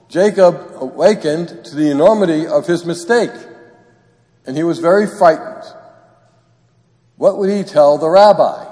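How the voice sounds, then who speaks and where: Priest, homily, slow and deliberate, long church reverb. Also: male voice, a little high, warm tone. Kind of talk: gospel reading and homily.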